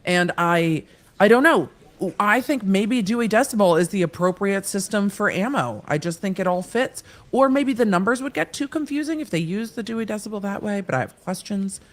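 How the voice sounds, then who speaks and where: A middle-aged woman, a lawyer hosting a live stream, commenting on a trial with quick, wry, sarcastic asides. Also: medium pitch, animated.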